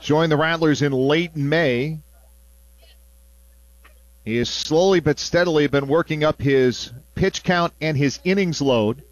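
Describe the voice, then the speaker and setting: A man calling a baseball game on the radio, mixing play-by-play with relaxed, chatty asides between pitches. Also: unhurried, no echo. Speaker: play-by-play announcer.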